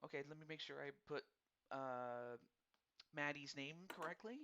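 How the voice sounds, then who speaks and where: A man with a bright, forceful voice hosts a casual live-streamed draft. He rambles and stumbles over repeated words in a friendly, upbeat way. The audio is dull and lo-fi. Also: on the high side, moderate pace, smooth. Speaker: host of a fantasy hockey draft stream.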